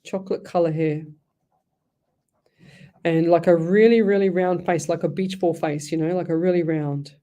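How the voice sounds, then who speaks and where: A middle-aged woman hosts live psychic readings on the radio. Her voice sits low and mellow. She talks in a chatty, rambling flow, restarting phrases as she thinks aloud. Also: fairly even intonation, normal speed, long pauses. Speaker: radio host and psychic medium.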